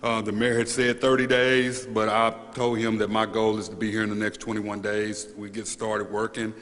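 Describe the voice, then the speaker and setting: A man speaking as a newly named police chief at a press conference, halting and earnest, repeating words and choked up with emotion. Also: lowish voice, flat delivery, fairly bright tone. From United States. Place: large hall at a press event. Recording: reverberant hall, faint room noise.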